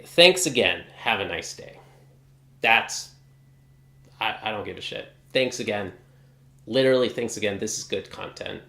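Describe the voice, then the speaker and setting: A man's voice: medium pitch, sharp tone, roomy sound. A man ranting casually in a vlog, exasperated and swearing often. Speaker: guitar hobbyist vlogger.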